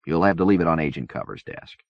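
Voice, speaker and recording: A man's voice: very deep voice, expressive, fast talker, no echo. A man voicing a weary, sarcastic agent who answers in a dry, politely dismissive way. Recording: dull dry cassette-era recording.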